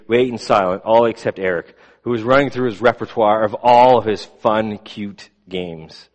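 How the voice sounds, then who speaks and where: A man preaching a sermon, telling a story in measured tones that fall soft at the ends of lines. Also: lowish voice, muffled recording. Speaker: pastor. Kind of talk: sermon with a read-aloud story. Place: church sanctuary. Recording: long reverb of a church hall.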